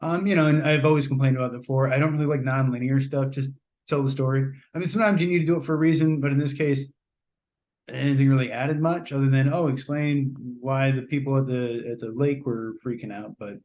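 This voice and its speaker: A man's voice: medium pitch, fairly even intonation, quick pace, a little mellow. An American man, a podcast host, gives a casual, rambling spoken film review with many fillers and restarts. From United States.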